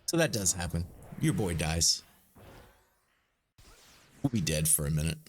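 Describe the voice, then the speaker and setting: Low-pitched and very animated, this man speaks unhurriedly over a faint hiss or hum. He's live-streaming a game, bantering loosely with chat and swearing freely as he plays.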